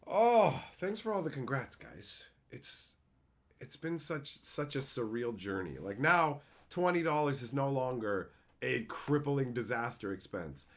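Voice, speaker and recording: A male streamer talking casually to his chat, his voice leaping high and loud when he reads messages, then dropping low and quiet for stories. He swears freely and keeps an easy, rambling tone. His pitch is lively and very animated throughout. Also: unhurried. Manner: animated, swings between loud excited reading of chat and low reflective storytelling.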